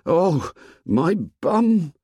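A man's voice: a little high, animated, fairly quick, darkish tone, breathy edge, no room sound, clean studio sound, pitched above the performer's own voice. A man reading aloud, voicing a small schoolboy who yelps and whines from being hurt. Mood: rueful. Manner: yelping, whiny. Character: small frightened schoolboy in pain.

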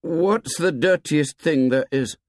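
Man doing a shy halting boy, slow tentative words, raised voice, dry close sound. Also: fairly high pitch, no room sound, pitched above the performer's own voice. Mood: hesitant. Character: shy, hesitant boy struggling to speak.

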